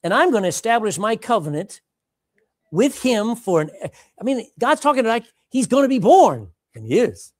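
Dramatic and animated, a woman preaches a sermon, repeating phrases for emphasis and moving between loud and hushed. Her voice is a little high at a moderate pace, with no echo.

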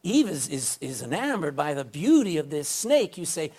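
A man's voice: a little high, sing-song, normal speed, darkish tone, breathy edge. A man preaching a sermon to a congregation, folksy and emphatic, often calling for an amen. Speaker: pastor. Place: indoor room with a congregation.

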